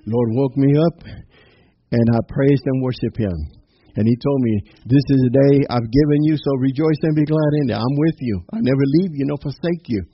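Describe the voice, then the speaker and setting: A man's voice: mid-range voice, a little fast, breathy edge. A man giving an informal, upbeat devotional sermon, quoting scripture, laughing and punctuating lines with amen. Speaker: preacher. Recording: slightly dull lo-fi recording with faint noise.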